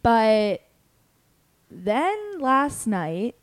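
Young female podcast host, slightly high-pitched, casual and animated storyteller. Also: extremely slow. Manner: animated, acts out quotes, many "like" fillers.

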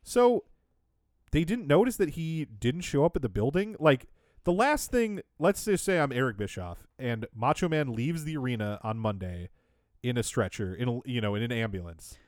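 A man's voice: medium pitch, sing-song, moderate pace, a little mellow, no echo, clean studio sound. A man co-hosting a podcast, recapping in casual chat with a sarcastic, wry tone and frequent laughs. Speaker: podcast co-host.

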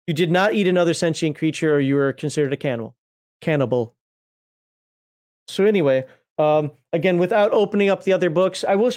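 A man chatting casually as a streamer while paging through tabletop game books, rambling, swearing offhand and laughing at himself. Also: high voice. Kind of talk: casual chat.

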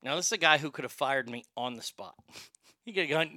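A man spinning a casual, profane anecdote, his voice strikingly bright and forward. The sound is dry and close, with no room around it. He talks loosely and restarts his sentences as he goes. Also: fairly high pitch, a little fast, no room sound. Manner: profane, conversational, with frequent restarts.

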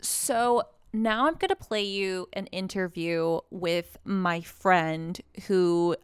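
A woman hosts a podcast in casual conversation, with a very smooth, resonant voice. Her sound is dry and close to the mic, with no room around it. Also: lowish voice, slow pace, no echo. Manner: relaxed, uses filler words. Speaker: podcast co-host.

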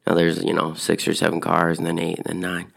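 Brief: low-voiced man, heavy vocal fry, casual personal storytelling. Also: a little fast. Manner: relaxed conversational storytelling.

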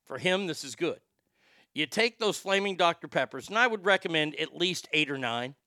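A man's voice: on the high side, animated, normal speed, sharp tone, no echo, clean studio sound. A man hosting a show in a rambling, profane comedic rant, often stammering and repeating words. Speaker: show host.

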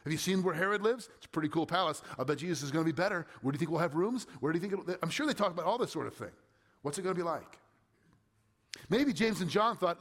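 A man's voice: fairly high pitch, expressive, fast, fairly bright tone. A man pastor reading scripture and then preaching a sermon in a conversational way, asking his listeners rhetorical questions. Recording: long hall reverb.

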